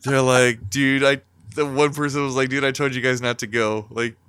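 A man's voice: mid-range voice, flat delivery, normal speed, fairly bright tone, clear, resonant tone, dry recording. A man from California telling a rambling, profane story in casual chat, full of fillers. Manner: rambling, many fillers and swearing, laughs through the telling.

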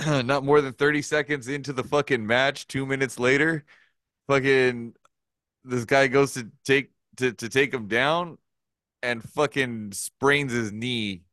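Male podcast host, clear resonant voice, dry close sound, profane laughing storyteller. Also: medium pitch, fairly even intonation, measured pace, fairly bright tone, no room sound. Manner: profane, laughing, rambling anecdotes. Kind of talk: casual storytelling chat.

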